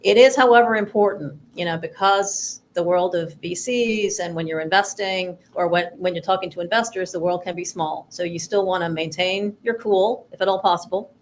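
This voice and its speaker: Low-voiced woman giving measured advice. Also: slight background noise, rough recording. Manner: measured, advisory, with many "you know" fillers. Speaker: workshop co-host. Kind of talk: workshop talk on pitching investors.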